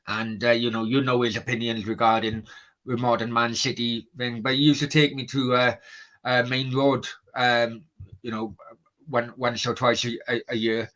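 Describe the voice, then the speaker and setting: A man's voice: medium pitch, flat delivery, normal speed, fairly bright tone, low-quality recording. A man hosting a late-night stream, chatting casually and swearing while he reads out viewer comments. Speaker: livestream host.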